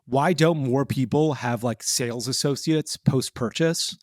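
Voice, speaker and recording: A man's voice: medium pitch, unhurried, dry recording. Chatty man, dry close sound. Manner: animated, many fillers and restarts. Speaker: podcast co-host. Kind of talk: casual podcast chat.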